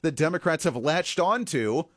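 A man's voice: a little high, expressive, moderate pace, fairly bright tone, no echo, studio quality. A man hosting a political commentary show, talking with sarcastic asides and the odd chuckle. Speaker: host.

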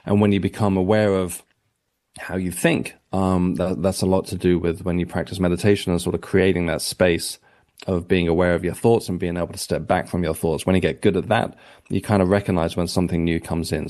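A man's voice: low-pitched, darkish tone. A man, an author guest on a radio show, talking in a rambling, reflective way with many restarts. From England. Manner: rambling, self-correcting, reflective. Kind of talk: radio interview.

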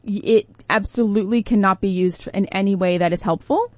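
A woman's voice: medium pitch, brisk, no room sound. Playful female morning radio co-host, dry close sound, slightly muffled. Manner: playful, laughs while talking. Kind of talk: casual morning radio banter.

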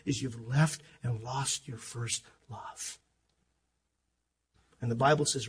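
Husky-voiced older preacher man, high-pitched. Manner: fervent, swings from loud emphatic to soft and hushed. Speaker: pastor. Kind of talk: sermon.

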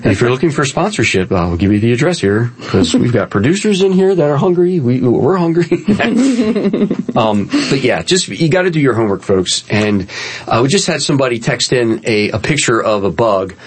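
A middle-aged man hosting a radio show about pest control, telling lively anecdotes in casual chat from a studio and laughing at his own stories. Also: mid-range voice, normal speed, slightly rough.

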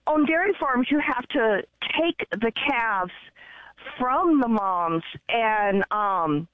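Female caller, chatty and rambling, fairly high voice, dry, dull phone-line sound. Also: lively intonation, takes it slowly, no room sound. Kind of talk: casual call-in storytelling. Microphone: telephone.

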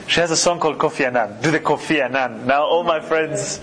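A man from Uganda who grew up in New York, chatting in a relaxed, easygoing way as an interview guest. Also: a little high, fairly quick. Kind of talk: relaxed conversational storytelling.

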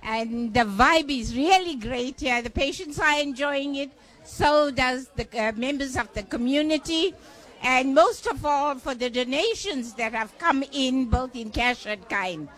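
A woman speaks with earnest gratitude during a live radio broadcast. Her voice is high for a woman, and she thanks people sincerely and simply. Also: unhurried, fairly bright tone. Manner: earnest, grateful. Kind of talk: thankful on-air remarks.

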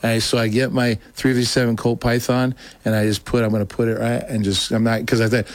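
A man's voice: mid-range voice, flat delivery, quick pace, no echo. A middle-aged man telling his own life story in casual conversation, rambling and restarting sentences and acting out the voices he quotes.

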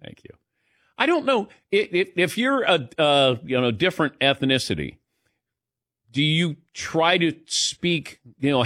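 A man's voice: mid-range voice, bright, forceful tone, no echo, clean studio sound. Rambling man hosting a talk show. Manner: rambling, halting, full of restarts. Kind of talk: casual studio banter.

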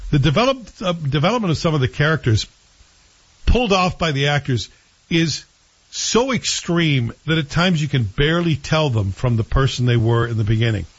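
Husky-voiced chatty male host. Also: on the high side, animated, normal speed, muffled recording. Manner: chatty, opinionated, rambling with self-corrections. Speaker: show host reviewing TV series. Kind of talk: casual chat.

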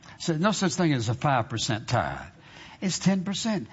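A man preaching to a congregation. His voice rings through a large hall with a long reverb tail, and the sound is a little dull. He stresses his points hard and slows right down when he reads scripture. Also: on the high side, wildly swooping pitch, husky. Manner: emphatic preaching with slow drawn-out scripture readings and repeated phrases. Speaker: pastor. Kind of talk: sermon. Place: church sanctuary.

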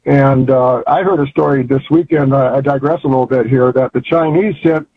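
An older male caller talks in a rambling, folksy way and gets fervent as he goes. His voice sits fairly high and is a bit husky. It comes over a tinny, dry phone line. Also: no room sound. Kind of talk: phone-in chat.

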